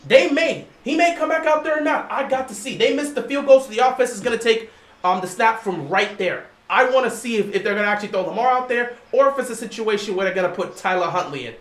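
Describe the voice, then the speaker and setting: Animated man streaming live game commentary. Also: very high voice, fast talker. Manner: animated, lectures the chat directly. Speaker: livestream host. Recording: roomy echo.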